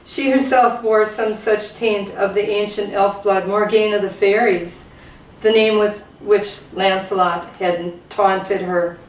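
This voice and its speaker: A woman reading a novel passage aloud to a group in a steady, unhurried way. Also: mid-range voice. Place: lecture room. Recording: roomy hall, voice from far off.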